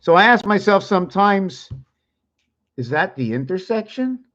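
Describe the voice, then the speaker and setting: A man's voice: high voice, big pitch swings, a little slow, fairly bright tone. Rambling man, dull lo-fi sound. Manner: thinks aloud, wandering, repeats words. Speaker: channel host. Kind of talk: rambling explanation while drawing.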